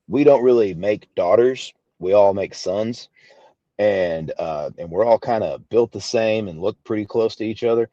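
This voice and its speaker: Low dark voiced southern illinois guy, rambling story full of ums, dull lo-fi audio. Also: no echo. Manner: rambling, many fillers and quoted dialogue. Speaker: podcast guest. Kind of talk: casual storytelling.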